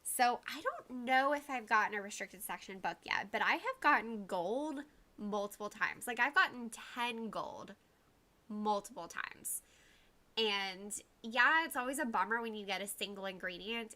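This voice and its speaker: A woman's voice: medium pitch, expressive, moderate pace, pushed and bright. A woman hosting a casual livestream, rambling chattily and greeting viewers by name. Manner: uses y'all and like often. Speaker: livestream host.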